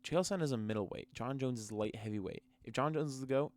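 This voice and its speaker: A man's voice: mid-range voice, quick pace, a little mellow, no echo. A man giving casual, sarcastic reaction commentary on MMA fighters and ranting with many restarts.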